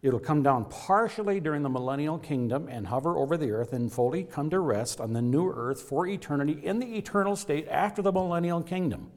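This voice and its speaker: Speaking a little fast with hardly any pauses, a man preaches to his congregation. He is emphatic and earnest, with broad swings in pitch and loudness to drive his points home.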